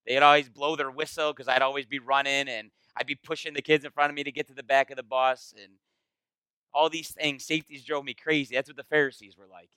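A man leading a Bible study as pastor, in a casual, animated, conversational sermon style. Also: mid-range voice, a little fast, clean tone, no echo, low-quality recording. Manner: animated, conversational, acts out quoted voices.

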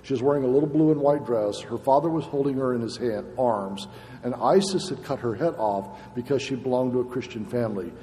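A man's voice: medium pitch, fairly quick, dark tone. Impassioned preaching man in a reverberant hall. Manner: impassioned, emphatic preaching with rising bursts. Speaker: pastor. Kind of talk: sermon. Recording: long reverb in a large hall, faint noise.

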